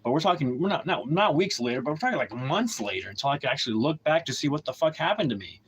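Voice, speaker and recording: A man with a somewhat higher voice rants on his livestream, heated and bitter. He swears constantly and circles back over his points with stumbles and restarts. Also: sing-song, fast talker, dull audio, slight background noise. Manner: heated, profane, rambling with many restarts; bitter and aggrieved. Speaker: livestream host. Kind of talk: ranting livestream monologue.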